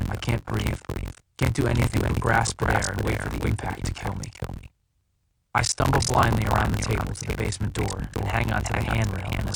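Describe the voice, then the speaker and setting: Gravelly male audiobook narrator. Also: on the low side. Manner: measured, tense, dramatic reading. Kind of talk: first-person audiobook narration. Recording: loud background hiss.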